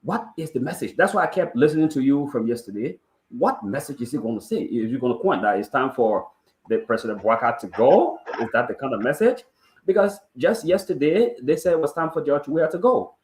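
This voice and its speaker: A man weighs the politics in a measured way, his voice at a middle pitch. The sound is roomy and echoey. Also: expressive, a little mellow. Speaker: political commentator. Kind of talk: talk show analysis. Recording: echoey room.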